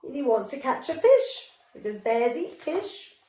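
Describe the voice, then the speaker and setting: A woman reads a children's picture book aloud, her voice sitting a little high. She stops now and then to chat with her young listeners. She sounds set back from the mic in an echoey room. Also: very animated, unhurried, warm tone, far from the mic. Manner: reads character lines in livelier voices and adds chatty asides to young listeners. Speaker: storyteller.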